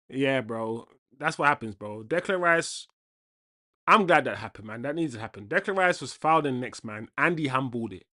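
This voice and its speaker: A man's voice: medium pitch, animated, a little fast, pushed and bright. A man hosting a football watchalong, reacting live with indignant, casual slang.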